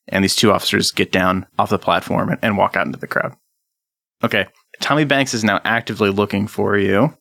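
A man runs a tabletop game as game master, describing scenes and asking players for rolls. His voice is bright and forward. The recording is close and dry. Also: fairly low pitch, steady tone, fairly quick, gravelly, no room sound. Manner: laid-back, laughs often.

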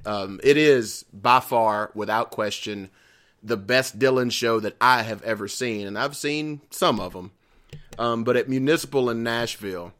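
A man's voice: on the low side, a bit bright. A man, telling stories in a casual podcast chat, rambling, swearing freely and laughing often. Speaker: podcast co-host.

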